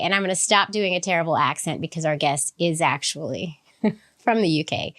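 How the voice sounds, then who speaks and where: A woman's voice: low voice, brisk, fairly bright tone, soft background music. A woman hosting a podcast, chatty and upbeat with frequent laughs, talking through a slight cold. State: has a cold. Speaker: podcast host. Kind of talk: casual podcast intro.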